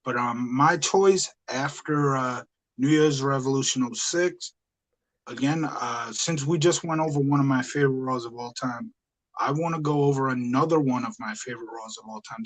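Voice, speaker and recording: A man's voice: mid-range voice, moderate pace, poor audio. A man co-hosting a casual podcast, enthusiastic and rambling, with frequent hesitations. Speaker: podcast co-host.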